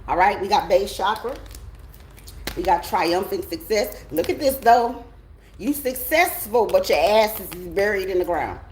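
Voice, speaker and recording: A woman's voice: mid-range voice, lively intonation, a little slow. A middle-aged American woman speaks as a tarot reader, emphatic and blunt, swearing freely and checking in with her listeners. Her voice sounds roomy and echoey, with a faint hiss of ambience behind it. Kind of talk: casual spiritual pep talk.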